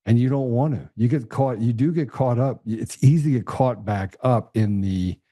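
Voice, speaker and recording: A male host talking earnestly in a casual interview, halting and restarting often. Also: medium pitch, dark tone, no echo, studio quality.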